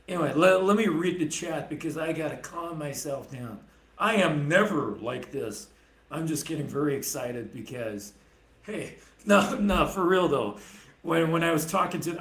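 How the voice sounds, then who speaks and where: Man, streamer, angry profane rant, slow delivery, echoey room. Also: on the high side. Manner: profane, heated and sarcastic.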